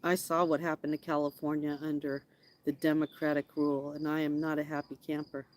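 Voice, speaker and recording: A woman with a low, rugged voice chats casually with her viewers outdoors in her backyard, breaking into a playful singsong to call to the animals. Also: level tone, brisk. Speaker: vlogger. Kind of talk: casual live chat with viewers.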